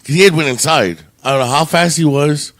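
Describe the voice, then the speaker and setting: A man's voice: on the high side, a little fast, fairly bright tone, no echo. Guy rambling thru a story on a podcast, swears a lot, laughs, dry close sound. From Canada. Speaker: podcast co-host. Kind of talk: casual storytelling chat.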